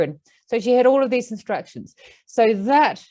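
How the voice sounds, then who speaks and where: A woman with an Australian accent, an animal communicator, telling a story in an animated way with lots of fillers. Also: a little high, normal speed, low-quality recording. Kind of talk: casual storytelling.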